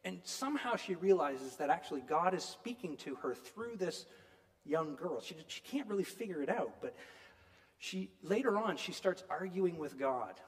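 A man preaching a sermon, retelling a story in an animated, emphatic storytelling manner. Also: high voice, moderate pace, big-room sound.

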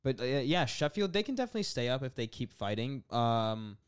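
A man's voice: mid-range voice, sing-song, fairly quick, clean tone, dry recording, studio quality. A man co-hosting a casual football podcast, rambling with lots of fillers and restarts. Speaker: podcast co-host.

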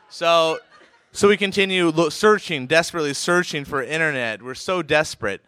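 A man from Oregon telling a comic personal anecdote, animated and chuckling through lots of fillers and restarts. His voice is fairly high, forceful and crisp. The sound is close and dry. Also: fairly quick, dry recording. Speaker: storyteller, professional poker player.

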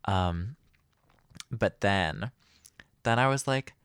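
A man's voice: lowish voice, very slow, a bit bright, clean tone, no echo, clean studio sound. Rambling young man on a podcast. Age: young adult. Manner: rambling and self-deprecating, many fillers. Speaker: podcast host. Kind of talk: casual solo podcast monologue.

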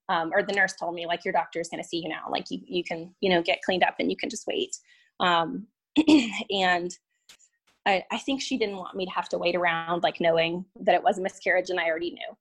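Young woman telling a personal story, halting. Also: on the low side, fairly bright tone. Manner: halting, full of "um" and "like", restarts. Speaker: podcast guest; violin teacher. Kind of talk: personal story told in casual talk.

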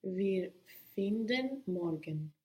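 A woman student giving slow, careful answers in a language lesson. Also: medium pitch, lively intonation, darkish tone, distant mic, rough recording.

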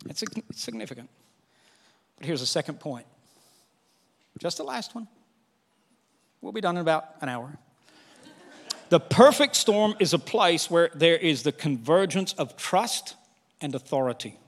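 A male pastor preaching a sermon in an animated way, often slipping into quoted voices. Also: a little high, unhurried, creaky, pauses often, big-room sound.

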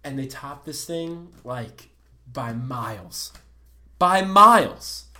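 A man with a South Jersey accent, co-hosting a podcast in casual chat, telling a story in a loud, ranting, swearing way. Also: medium pitch, slow, reverberant. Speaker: podcast co-host.

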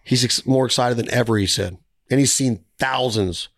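A man hosting a podcast, rambling through a hunting story with quick restarts. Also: mid-range voice, fairly bright tone. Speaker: podcast host. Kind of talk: casual podcast chat.

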